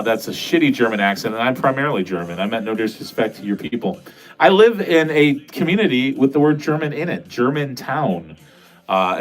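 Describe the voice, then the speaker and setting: A man chats loosely on a livestream from his basement, drifting from one thought to the next and swearing freely. His voice sits at an ordinary middle pitch, with some soft music behind him. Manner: rambling, profane, self-deprecating. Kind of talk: casual livestream chat, reading out comments. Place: home basement.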